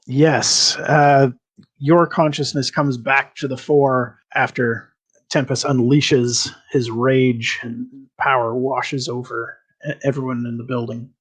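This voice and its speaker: A man narrating a tabletop game as game master in an unhurried, descriptive way. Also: mid-range voice, little pitch movement, breathy edge, poor audio.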